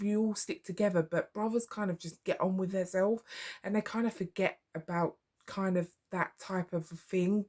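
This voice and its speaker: A woman's voice: lowish voice, a little mellow. A woman doing her makeup while she tells a personal story to camera, rambling with many fillers and restarts. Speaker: vlogger.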